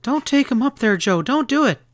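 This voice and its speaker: A man's voice: a little high, moderate pace, dry recording, lightly acted. A man voicing a frightened young woman who entertains at a hotel in a western audiobook, pleading and rising into hysteria. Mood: hysterical.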